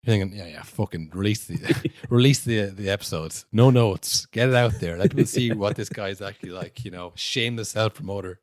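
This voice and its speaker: Low-voiced man in casual football banter. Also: fairly quick, few pauses, no echo, clean studio sound. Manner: swears freely, acts out quotes in loud mocking voices. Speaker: podcast co-host. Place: podcast studio.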